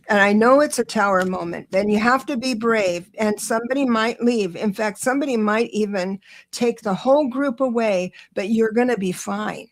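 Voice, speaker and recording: Middle-aged woman, gravelly voice, warm chatty live tarot reader who gets excited and speeds up. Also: mid-range voice. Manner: chatty, reassuring, talks to viewers directly; excitable, rushes then slows down. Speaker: astrologer doing live tarot readings. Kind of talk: live-stream tarot reading.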